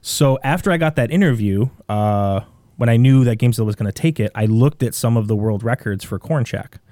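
A man with a Midwestern American accent, a podcast guest telling a long story in a rambling, animated way with many restarts. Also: medium pitch, fairly quick, no room sound, clean studio sound. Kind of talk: casual storytelling.

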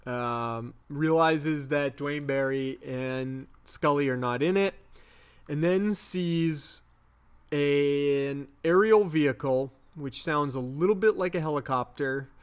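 Young guy going through the plot slowly, lots of ums, kinda high voice. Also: clear, resonant tone. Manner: rambling, unsure, with many fillers. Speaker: podcast co-host. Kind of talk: casual episode recap.

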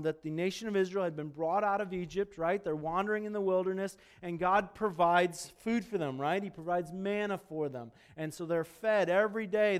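A man preaching a sermon, talking to the congregation in a conversational way and swinging between emphatic loud peaks and hushed low asides. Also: clean tone. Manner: conversational, asks the congregation questions. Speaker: pastor.

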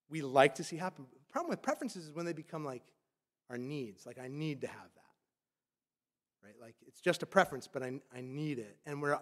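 A man preaching a sermon as a pastor, emphatic and loose, often saying "like". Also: high voice.

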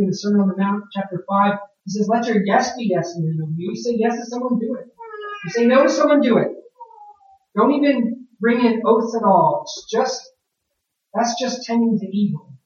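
A man preaching a sermon in a conversational way, often asking rhetorical questions. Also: sits high. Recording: very echoey room, distant mic, dull sound.

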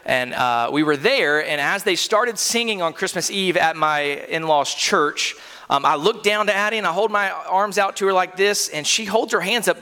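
In a church sanctuary, a male pastor in his thirties preaches with a high, bright, forceful voice at normal speed. He sounds earnest and conversational, often using fillers and restarting sentences, and the recording carries a long hall reverb.

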